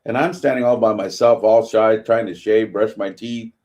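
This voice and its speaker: Guest role: man in his 70s from California, lower voice, lively storyteller who acts out what people said. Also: moderate pace. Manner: animated storyteller, acts out quotes. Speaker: guest, veteran. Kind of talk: storytelling interview.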